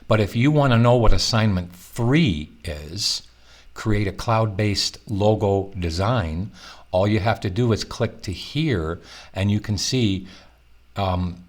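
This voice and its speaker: A middle-aged male college professor with a slightly rough morning voice, talking students through an online course in a conversational, reassuring way with fillers and restarts. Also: on the low side. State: morning voice, clearing throat. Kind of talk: recorded online course walkthrough.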